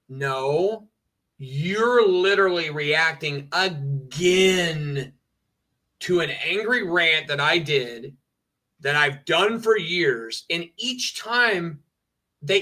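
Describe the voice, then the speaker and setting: Man, streamer, heated repetitive rant, slightly high voice, bright tone. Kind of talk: ranting livestream talk.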